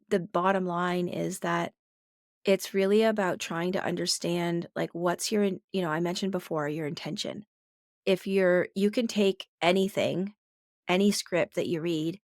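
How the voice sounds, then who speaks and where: A woman's voice: medium pitch, creaky, no echo, studio quality. A woman co-hosting a parenting podcast in casual conversation, talking in a reflective way and thinking aloud with many fillers.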